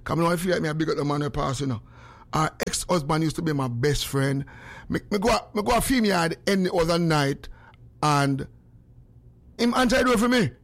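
Lively high-voiced Jamaican man. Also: a little fast. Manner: excitable, talks in patois, exclaims. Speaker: radio host. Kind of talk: call-in radio chat.

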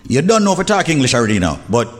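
Animated Jamaican radio host man. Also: medium pitch, very fast. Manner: animated, emphatic, opinionated. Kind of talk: casual radio talk. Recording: radio broadcast with reverb and music.

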